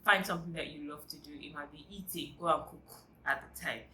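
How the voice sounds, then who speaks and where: A woman's voice: sits low, brisk, sharp tone, echoey room, slight background noise, low-quality recording. A woman vlogger giving a chatty, emphatic self-help talk straight to her viewers.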